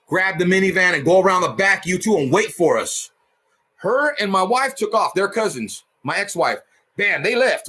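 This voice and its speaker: A man casually telling a rough story in heavy profanity and street slang, punching it up with sound effects. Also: high-pitched, fairly bright tone. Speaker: storyteller host.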